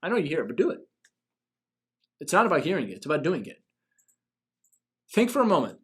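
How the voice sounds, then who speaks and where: A man's voice: fairly high pitch, sing-song, fast, a bit bright, husky. A man hosting a business coaching show, giving an emphatic motivational talk full of rhetorical questions.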